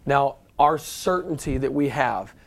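A man's voice: mid-range voice, expressive, a little slow, vocal fry. A man hosting a casual interview, enthusiastic but hesitant, with many fillers and restarts. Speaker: host.

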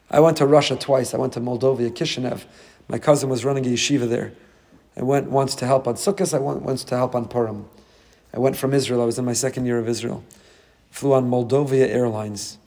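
Emphatic rabbi in a reverberant hall. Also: male voice, medium pitch, a little mellow. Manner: emphatic, rhetorical questions. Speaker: rabbi teaching a class. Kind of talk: Torah class sermon.

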